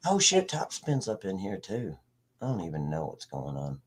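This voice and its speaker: Male stream host, low husky voice, lively swings in pitch, profane rambling chat. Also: normal speed. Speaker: livestream host. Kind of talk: casual livestream chat.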